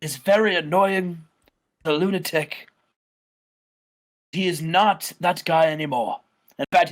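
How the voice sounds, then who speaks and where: A man's voice: a little high, lightly acted. A man voicing an exasperated male wrestler ranting about his tag partner in a game playthrough.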